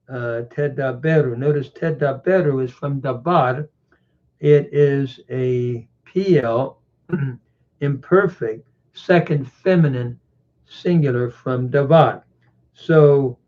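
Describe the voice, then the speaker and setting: A man teaching a scripture passage with grammar commentary, deliberate and pausing often with "uh". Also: mid-range voice, a little mellow. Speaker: Bible teacher. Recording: dull lo-fi recording.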